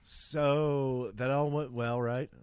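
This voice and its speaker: A man's voice: mid-range voice, fairly even intonation, takes it slowly, clear, resonant tone, no echo. Easygoing man, dry close sound. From United States. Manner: easygoing, warm reactions, says "like" a lot. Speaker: podcast co-host. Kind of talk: casual chat.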